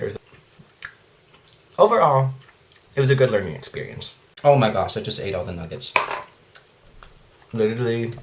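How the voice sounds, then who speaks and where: A young man chatting casually while eating on camera, rambling and self-mocking, full of fillers and acted-out quotes. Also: lowish voice. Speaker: vlogger. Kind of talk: casual mukbang chat. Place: his room at night.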